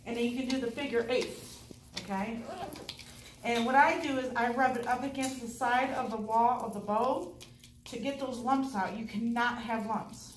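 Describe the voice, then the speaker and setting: A woman teaching a hands-on dental class, chatty and encouraging with quick asides. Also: on the high side, fairly even intonation, a little hiss or hum. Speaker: dental assisting instructor. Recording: echoey room, voice from far off.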